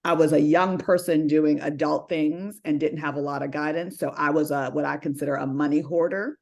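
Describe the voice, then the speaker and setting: An animated woman tells stories as a panel guest. Her voice sits a little low, and she brings lively energy to the dialogue she acts out. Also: brisk, creaky. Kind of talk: casual panel discussion.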